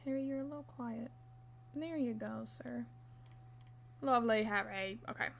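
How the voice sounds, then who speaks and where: A woman's voice: a little high, moderate pace, vocal fry, slight background noise. A young woman streaming live, chatting playfully with her viewers and counting stitches under her breath as she crochets. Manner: chatty, playful, reads chat aloud. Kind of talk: casual live-stream chat while crocheting.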